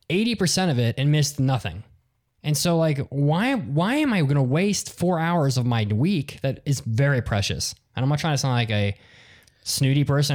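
A man's voice: a little high, darkish tone. A man hosting a casual podcast, talking bluntly and ranting with exasperation. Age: adult with office job. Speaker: podcast host.

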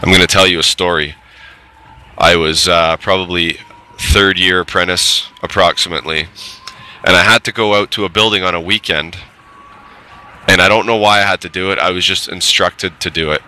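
Middle-aged man, very low voice, strikingly bright tone, plainspoken, casual storytelling. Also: steady tone, normal speed, smooth, rough recording. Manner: candid, plainspoken, mild swearing. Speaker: trades technician telling his story.

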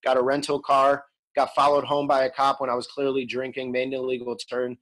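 A man's voice: medium pitch, completely flat delivery, brisk, a bit bright, low-quality recording. A man in his thirties, an interview guest telling his story frankly and conversationally, with frequent ums and restarts. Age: 30s. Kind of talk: candid storytelling.

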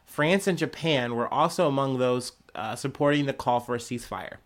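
A man's voice: mid-range voice, normal speed. A man hosting a news podcast, ranting casually and sarcastically with lots of swearing and mocking put-on voices. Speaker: podcast host.

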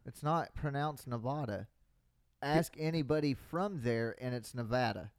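A man's voice: fairly high pitch, normal speed, clean tone, no room sound, clean studio sound. Teasing man in podcast banter. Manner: teasing, stubborn, matter-of-fact. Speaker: podcast co-host.

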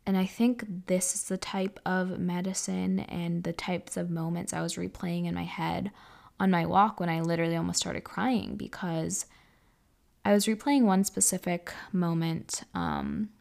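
A woman in her twenties hosting a reflective solo podcast, speaking softly and earnestly and often sinking into a breathy whisper. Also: on the low side, expressive, unhurried. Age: 20s. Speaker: podcast host.

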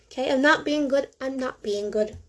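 A woman's voice: high-pitched, moderate pace, fairly bright tone. A teenage girl hosting a casual solo podcast from home, rambling, correcting herself and making sarcastic asides. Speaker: podcast host.

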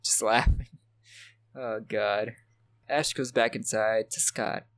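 A man's voice: on the low side, steady tone, slow, fairly bright tone, no echo. A man co-hosting a podcast, casually walking through a horror film's plot and laughing often. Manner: laughs often, plays back the plot beat by beat. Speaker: podcast co-host recapping a film. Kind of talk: casual film recap chat.

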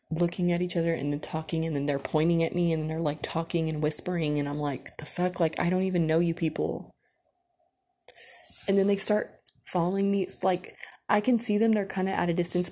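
A woman's voice: lowish voice, warm tone. A young woman, casually telling a personal story on her podcast, full of fillers and swearing. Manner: chatty, lots of fillers and swearing. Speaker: podcast host.

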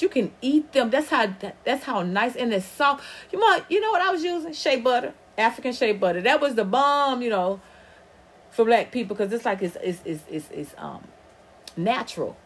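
Animated, husky Southern woman host. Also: a little high, moderate pace. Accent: Southern US, Atlanta. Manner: animated, profane, rambling. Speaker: podcast host. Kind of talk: casual livestream chat.

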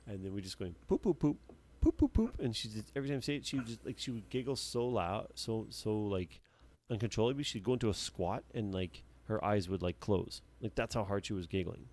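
A man's voice: on the low side, a little fast, a little mellow. A man co-hosting a podcast, rambling casually and swearing freely. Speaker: podcast co-host. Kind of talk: casual chat.

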